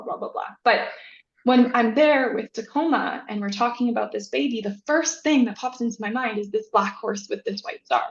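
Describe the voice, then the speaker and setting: A woman guest on a podcast telling a story in a casual, animated way, acting out the voices she quotes. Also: fairly high pitch. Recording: echoey, dull lo-fi sound.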